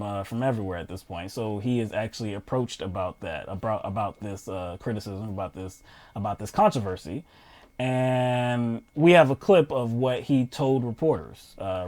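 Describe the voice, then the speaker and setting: A man co-hosting a political talk show, chatting casually and reading news quotes aloud with frequent pauses and fillers. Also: medium pitch, darkish tone.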